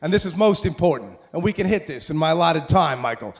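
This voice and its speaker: A man in his forties with an American accent, giving an excitable, jokey motivational talk to an audience at a school event. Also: a little high, fast talker. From USA. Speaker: motivational speaker.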